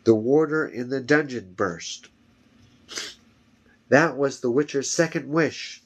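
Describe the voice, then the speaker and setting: A man reading a fantasy novel aloud at home, steady with small slips and corrections. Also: mid-range voice, slow, pauses often, a little hiss or hum. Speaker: reader.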